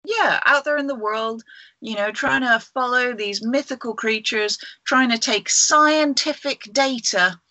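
A woman's voice: a little high, a little slow, sharp tone, dry recording. A woman co-hosting a casual podcast over a video call, rambling enthusiastically through a creature legend with many fillers. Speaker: podcast co-host. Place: at home.

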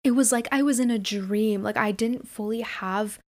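A woman's voice: fairly high pitch, normal speed, a little mellow. A woman in her twenties hosting a podcast, telling a personal story in a casual, rambling way with lots of filler words and swearing. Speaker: podcast host.

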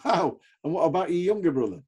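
A man's voice: fairly high pitch, very animated, fast, warm tone, slightly rough. A man interviewing a footballer, asking friendly, teasing questions. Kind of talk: casual interview.

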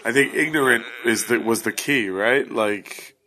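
A man in a casual podcast chat, cutting in with quick blunt remarks. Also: mid-range voice, sharp tone.

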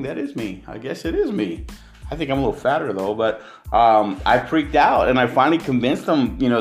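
A man from California, hosting a casual monologue and ranting emphatically, often repeating words as he restarts his sentences. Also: on the low side. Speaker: vlogger and host.

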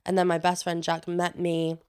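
A woman in her twenties with a fairly low, clean-toned voice tells a candid personal story in a chatty vlog at normal speed. She swears freely and re-enacts what people said with animation.

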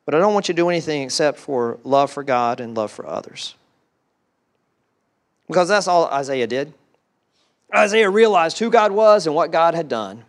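Male pastor, lively sermon delivery, slightly high voice, repeats phrases for effect. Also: normal speed, pauses often. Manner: animated, repeats words, voices excited quotes.

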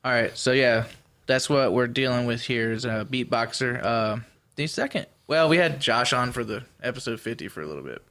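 A man's voice: medium pitch, animated, normal speed, bright, forceful tone. A man co-hosting a podcast in casual chat, joking and swearing loosely as he runs through plugs and intros. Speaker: podcast co-host.

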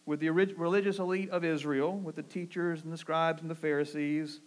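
A Southern man preaching a sermon in an earnest, pastoral way. His voice sits a little high for a man. He swings from emphatic, rising declarations to low, quiet asides. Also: level tone, fairly quick. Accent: Southern American. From American South. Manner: earnest preaching, rising emphatic on key phrases, dropping low and soft for quotes.

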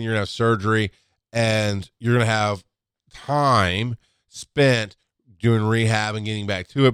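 A man speaks in a clear, resonant voice, recorded dry and close with no room sound. He tells a casual, rambling monologue, candid and direct, often restarting his sentences as he goes. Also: lowish voice, a bit bright, dry recording. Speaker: paramedic.

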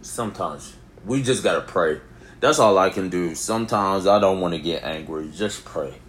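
A young man with a very deep voice rants casually to camera, rambling from topic to topic. He swings from near-shouted peaks down to low mutters. A faint hiss of noise sits under the recording. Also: normal speed. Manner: rambling, animated, rising to near shouts then dropping low. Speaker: vlogger. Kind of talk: casual opinion monologue.

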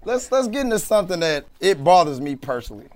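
A man hosting a casual podcast chat, loud and joking, pushing the others with questions. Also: high-pitched, sing-song, fast. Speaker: podcast host.

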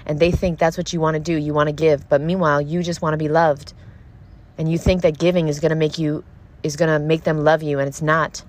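A woman's voice: deep voice, flat delivery, brisk. A woman hosting a podcast from her car, tearful and shaken, talking urgently and swearing often in an emotional monologue. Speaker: podcast host. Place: parked car.

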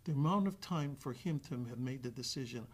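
A man telling a guest anecdote in an animated way, acting out the voices of the other people with frequent restarts. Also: mid-range voice, a little fast, slightly rough. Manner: acts out quoted dialogue with restarts. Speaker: actor guest.

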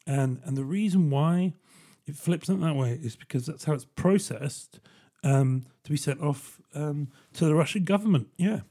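A man's voice: fairly high pitch, normal speed, mellow. A man hosting a solo podcast, talking in a casual, joking, rambling way and often checking in with "right?". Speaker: podcast host.

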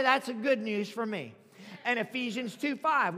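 A man preaching a sermon to a congregation, calling out for amens and exclaiming loudly between points. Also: very high-pitched, a little fast. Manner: preaching with loud exclamations and call-outs. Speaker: pastor. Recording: music under reverberant hall.

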